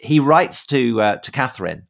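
A man co-hosting a podcast in a casual conversational style, halting often with fillers and repeated words. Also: medium pitch, lively intonation, vocal fry. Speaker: podcast co-host. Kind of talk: casual conversational history chat.

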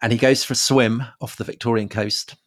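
A man co-hosting a history podcast, prompting his partner with quick questions and interjections. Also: mid-range voice, steady tone. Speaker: podcast co-host.

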